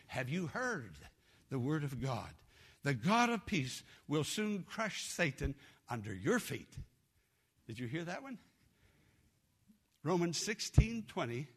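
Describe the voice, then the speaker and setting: A man's voice: fairly high pitch, husky. A man preaching a fervent, exhorting sermon as a pastor.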